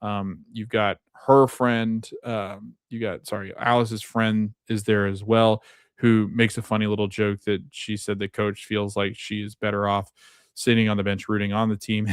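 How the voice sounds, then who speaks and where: A man's voice: fairly low pitch, little pitch movement, moderate pace, clear, resonant tone, dry recording, studio quality. A man hosting a podcast, casually recapping a TV episode, with lots of fillers and frequent laughs as he retells scenes. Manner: chatty, many fillers, laughs often while retelling scenes. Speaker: podcast host.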